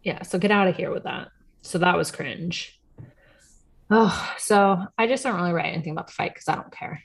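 A young woman co-hosts a chatty podcast, sarcastic and quick to laugh, swearing offhandedly. Her voice sits a bit low and carries a steady gravelly fry. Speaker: podcast co-host. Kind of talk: casual chat.

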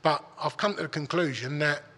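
A man's voice: a little high, fairly quick, bright, forceful tone, husky, long reverb tail. A middle-aged man from England, telling a long story in blunt, sweary, rambling casual talk. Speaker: guest.

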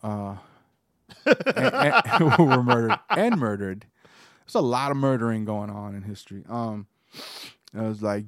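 A man's voice: lowish voice, sing-song, a little slow, pauses often, a bit bright, no echo, studio quality. A man co-hosting a podcast, chatting casually and joking, with a rambling style full of fillers and restarts. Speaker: podcast co-host.

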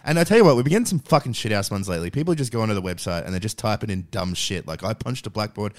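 A lower-voiced man co-hosting a podcast, his pitch swinging widely as he talks. He is laid-back and swears casually, drawing out the words when he reads listener submissions aloud. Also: expressive, very fast. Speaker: podcast co-host. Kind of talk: casual chat, reading listener messages.

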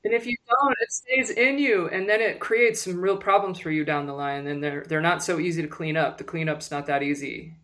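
A woman guest in an interview, telling personal stories in an animated way with lots of fillers and restarts. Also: on the low side, brisk, hardly any pauses. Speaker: guest, music publicist. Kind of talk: candid personal storytelling.

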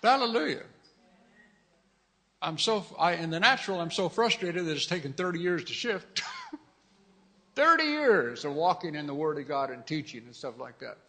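A man's voice: a little high, big pitch swings, normal speed, long pauses, pushed and bright. A middle-aged man preaching a fervent sermon as pastor, repeating his phrases and calling out hallelujahs. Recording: long reverb of a large hall.

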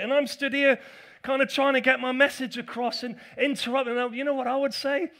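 A pastor preaching a sermon to a church congregation, telling the story with playful asides. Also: male voice, extremely high pitch, steady tone, fairly quick, fairly bright tone.

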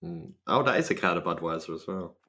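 A man's voice: low voice, expressive, fast, sharp tone. A man hosting a podcast, chatting casually with laughter and swearing. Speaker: podcast host.

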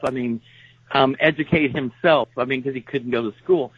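A woman's voice: a bass voice, normal speed, husky, dry recording. A woman with a Texas accent, a guest author telling her family's story in a chatty, self-deprecating way. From Texas, USA. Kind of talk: conversational interview. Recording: tinny phone line.

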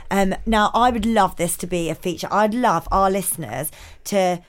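A woman's voice: medium pitch, moderate pace. A woman co-hosting a podcast, chatting in a playful, rambling way. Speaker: podcast co-host. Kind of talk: casual chat.

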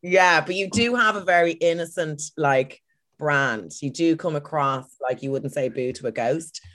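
A woman's voice: low voice, fairly bright tone. Teasing Dublin Irish woman. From Ireland. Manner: teasing, quick-witted banter. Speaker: comedian guest. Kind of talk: casual podcast chat. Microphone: video call.

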